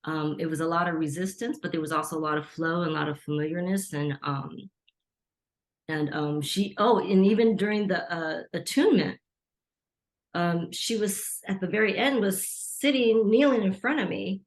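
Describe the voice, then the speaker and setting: A woman's voice: fairly low pitch, normal speed. A middle-aged woman, a podcast guest, telling a story in casual conversation and acting out the voices of people she quotes. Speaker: podcast guest, Reiki teacher.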